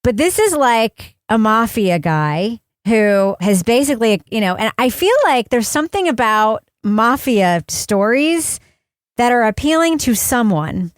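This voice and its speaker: A woman's voice: a little high, big pitch swings, unhurried, clear, resonant tone, no room sound, clean studio sound. A woman hosting a podcast in casual chat, talking in a rambling, chatty way with many restarts. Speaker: podcast host.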